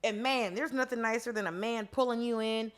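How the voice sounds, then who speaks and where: A woman co-hosting a podcast in casual chat, chatty with playful asides and quick reactions. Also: fairly high pitch, fairly even intonation. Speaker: podcast co-host.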